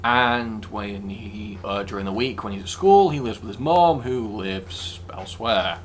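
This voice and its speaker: A man's voice: on the low side, a little slow, slight background noise. A young man telling a personal story casually, in a rambling, hesitant way full of fillers. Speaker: vlogger.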